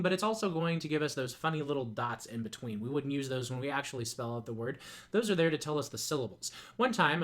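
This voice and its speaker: A man's voice: medium pitch, fairly bright tone. A man, a teacher, narrating a scripted lesson with playful joking asides.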